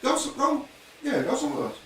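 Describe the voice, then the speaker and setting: Animated man in a roomy echo. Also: very high-pitched, fast talker. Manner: laid-back, says "bro" a lot, animated storytelling. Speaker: podcast co-host. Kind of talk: casual chat. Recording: echoey room, mic at a distance, faint noise.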